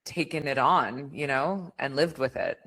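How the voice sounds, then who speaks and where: A woman's voice: rumbling low, a little slow, fairly bright tone. A woman hosting a podcast, chatting casually and reflectively with her guest. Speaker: podcast host. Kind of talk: casual interview conversation.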